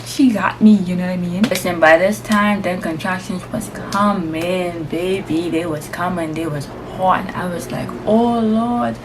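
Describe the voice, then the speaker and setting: A young woman vlogger and first-time mom telling her story casually to camera, lively and slangy. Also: on the low side, moderate pace, few pauses. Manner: lively, acts out voices, slangy and chatty. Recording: steady background noise.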